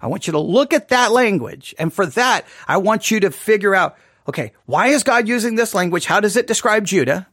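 A man's voice: high voice, expressive, fairly quick, fairly bright tone, no room sound, clean studio sound. A man teaching a Bible study class, thinking aloud and asking many rhetorical questions.

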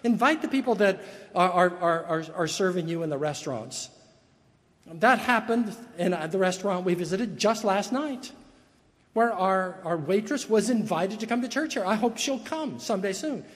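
A man's voice: sits high, expressive, normal speed. A man preaching a sermon as pastor, earnest and emphatic, often repeating words as he restarts. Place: church sanctuary. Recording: long reverb of a large hall.

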